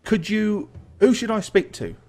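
A man's voice: high-pitched, expressive, unhurried, darkish tone, voice pushed up. A man voicing a rowdy male dockhand who drinks eagerly, with a pushy, boisterous manner.

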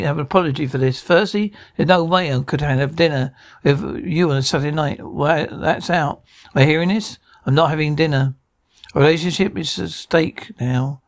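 A man's voice: on the high side, creaky. A man acting out every part of a sitcom scene alone, in a bickering, flustered comic delivery full of stammers and restarts.

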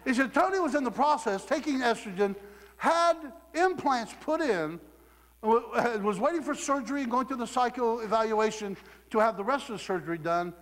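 A middle-aged male preacher from Southeast Ohio delivers a sermon in a fairly high voice, acting out people's lines with animated storytelling. His voice rings with the long reverb of a big hall. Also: moderate pace. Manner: animated storytelling with acted quotes and laughter.

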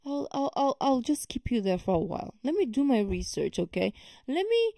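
A woman's voice: high voice, sing-song, moderate pace, mellow, dry recording, clean studio sound. A woman hosting a reaction video, talking casually and emphatically with many fillers and exasperated remarks.

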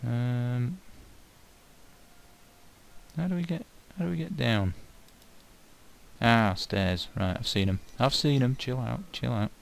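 Gravelly Yorkshire man chatting over a game. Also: mid-range voice, slow pace, pauses often. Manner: chatty, self-mocking, muttering to himself. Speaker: let's play host. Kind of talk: casual gameplay commentary.

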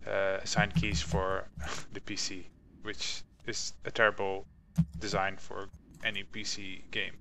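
Low, bright-voiced young man chatting games. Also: completely flat delivery, a little slow, few pauses, a little hiss or hum, poor audio. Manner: offhand, musing, trails off. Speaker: co-host. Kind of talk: casual game review chat.

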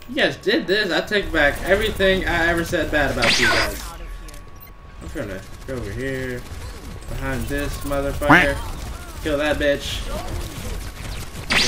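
A man commenting on his own game as he plays, taunting opponents, swearing and laughing. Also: a little high. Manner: trash-talking, taunting, swearing; playful, laughing. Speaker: gamer. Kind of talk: casual gameplay commentary.

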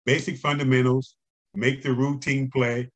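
An older man, a guest on an interview show, tells animated stories with chuckles and acts out the voices of people he quotes. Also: mid-range voice, moderate pace. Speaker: interview guest, former umpire and scout. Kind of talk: conversational storytelling.

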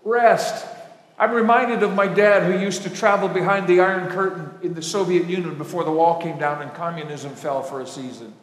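High-voiced preacher in an echoey hall. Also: male voice, normal speed. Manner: animated storytelling, swinging between loud and hushed. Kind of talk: sermon. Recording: echoey hall with long reverb.

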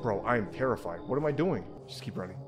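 A man's voice: medium pitch, expressive, fast. A young man giving jokey, jumpy commentary while playing a horror game, swearing and talking to himself. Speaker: let's play host. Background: game music.

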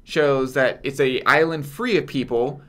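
A man co-hosting a relaxed podcast in a mid-range voice. He is wry in tone. He slips into mock voices when he quotes lines. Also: mid-range voice, a little slow. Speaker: podcast co-host. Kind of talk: casual chat.

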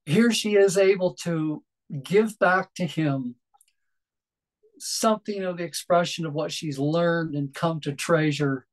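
A man preaching a sermon in a gentle, reflective way, pausing often and restarting his phrases. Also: a little high, poor audio.

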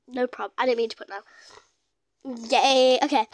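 A woman giving casual, excitable gameplay commentary as a gaming YouTuber, gushing with exclamations. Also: sits high, fast, no echo, studio quality.

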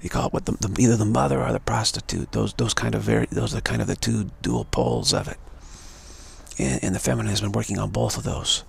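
A man's voice: fairly low pitch, steady tone, fast, creaky, husky. A man giving an emphatic, repetitive live-streamed monologue, warning his listeners again and again. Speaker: speaker of a live-streamed show.

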